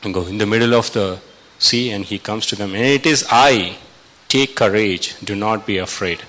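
A man preaching a sermon, retelling a scripture story and acting out the quotes with sudden loud rises. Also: on the low side, fairly even intonation, moderate pace, rough recording.

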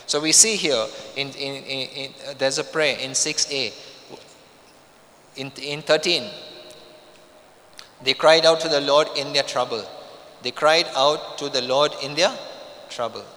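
A man's voice: mid-range voice, bright, forceful tone, a little hiss or hum. A man preaching a sermon, repeating key phrases for emphasis, with frequent restarts. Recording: long reverb of a hall.

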